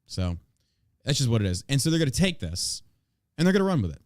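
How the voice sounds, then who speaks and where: A man's voice: medium pitch, very animated, fast talker, no echo, studio quality. An American man hosting a podcast, ranting in a profane, combative and sarcastic way. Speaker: podcast host. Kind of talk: opinion podcast rant.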